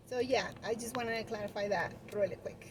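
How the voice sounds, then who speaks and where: A woman's voice: a little high, brisk, noisy background. Chatty woman with a Spanish accent. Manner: chatty, with frequent restarts and fillers. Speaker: balloon decor business owner and vlogger. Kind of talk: casual chat to camera.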